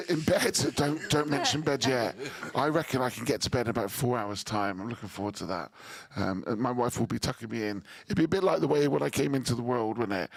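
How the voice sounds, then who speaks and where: A man's voice: mid-range voice, brisk, vocal fry, hardly any pauses. A man in his forties, a sleep-deprived radio presenter, teasing and laughing through casual banter in a studio. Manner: jokey, teasing, laughs often. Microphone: studio microphone.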